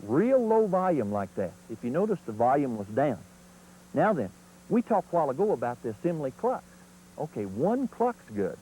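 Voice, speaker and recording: A man's voice: a little high, sing-song, moderate pace, mellow, slight background noise, low-quality recording. A man teaching turkey calling in an instructional video, in a folksy, plain-spoken way.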